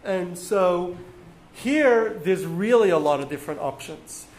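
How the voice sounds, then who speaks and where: A man teaching a class, explaining patiently with frequent ums and pauses. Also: high-pitched, expressive, darkish tone. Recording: echoey room with faint noise.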